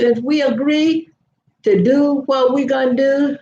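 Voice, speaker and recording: A woman's voice: high voice, slow, darkish tone, echoey room, dull audio, slight background noise. An older woman telling stories to viewers in a chatty live video, laughing often. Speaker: vlogger. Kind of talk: casual live chat.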